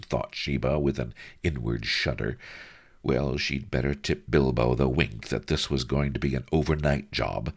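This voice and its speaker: A man's voice: extremely low pitch, normal speed, gravelly, husky. A man narrating a comic adventure story with a wry, mock-grandiose delivery. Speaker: audiobook narrator.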